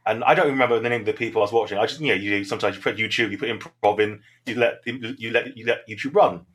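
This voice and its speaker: A man's voice: on the low side, fast talker, fairly bright tone. Reflective man with a Southern English accent. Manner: reflective, rambling with restarts. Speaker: improv teacher. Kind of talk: conversational interview answer.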